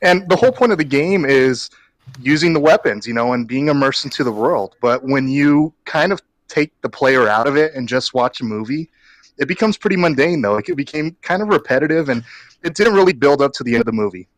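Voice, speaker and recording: A man's voice: mid-range voice, lively intonation, brisk, no echo, poor audio. A man co-hosting a casual live-stream podcast, rambling with many restarts and chuckles. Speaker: podcast co-host.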